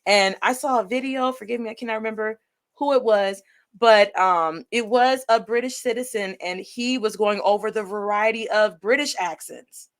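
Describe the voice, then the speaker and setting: A woman from Detroit with a Detroit Midwestern accent, hosting a podcast interview over a live video call with energetic, expressive talk that mixes in Spanish words. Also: medium pitch, moderate pace. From Detroit, Michigan. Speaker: podcast host. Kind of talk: conversational interview.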